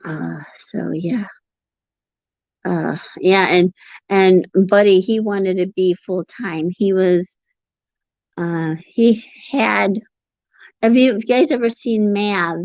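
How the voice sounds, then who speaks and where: A woman chatting on a home livestream in a meandering, halting way, pausing to sigh as she gathers her thoughts. The sound is dull and lo-fi, and it is bone dry, with no room around her voice. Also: medium pitch, fairly even intonation, no echo. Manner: rambling, halting, sighs between thoughts. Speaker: livestream host reading chat. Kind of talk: casual livestream chat.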